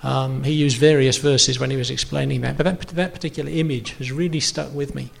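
Man, pastor, gravelly voice, chatty sermon, lots of ums and restarts, runny nose. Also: mid-range voice, steady tone, a little fast. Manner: conversational, rambling with many fillers and restarts.

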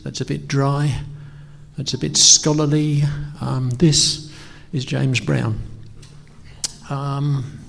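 A man's voice: mid-range voice, gravelly. A middle-aged man preaching a sermon in a casual, hesitant way, full of ums and self-deprecating asides. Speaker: pastor. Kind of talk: conversational sermon. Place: church. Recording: long reverb of a church hall.

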